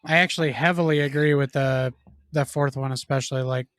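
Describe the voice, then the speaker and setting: Thirties male co-host, flat, even delivery, deadpan, dry close sound. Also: medium pitch, a little fast, no room sound. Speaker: podcast co-host. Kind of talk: casual chat.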